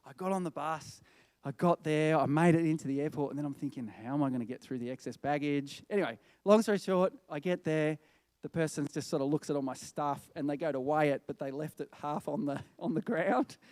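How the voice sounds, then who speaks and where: A middle-aged man giving a sermon as a guest speaker, telling a story with lively acted-out voices. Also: fairly high pitch, a little fast, no echo. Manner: animated storyteller, acts out quoted people.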